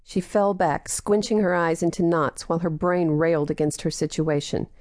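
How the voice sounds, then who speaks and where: A woman narrating a novel as an audiobook, reading in a steady, even manner. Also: lowish voice, normal speed, dry recording, clean studio sound. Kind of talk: scripted narration.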